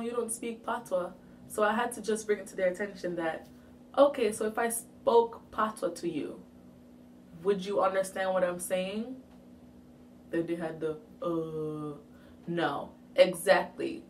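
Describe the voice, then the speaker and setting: A young woman from Jamaica telling a casual story-time vlog, animated and full of playful asides. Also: fairly low pitch, distant mic, slight background noise. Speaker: vlogger.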